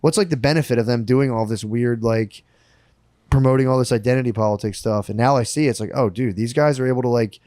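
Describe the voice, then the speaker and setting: A man co-hosting a podcast, chatting casually and telling animated, profane stories full of put-on quotes. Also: mid-range voice, fast talker, dry recording, clean studio sound. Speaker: podcast co-host. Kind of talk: casual chat.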